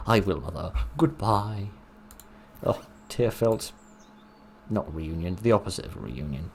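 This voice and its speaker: Young-adult let's player, self-mocking and dry; low voice at a desk mic. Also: male voice, lively intonation, measured pace, creaky, pauses often, a little hiss or hum. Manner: wry, self-mocking, chuckling. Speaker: let's play host. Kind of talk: gaming commentary.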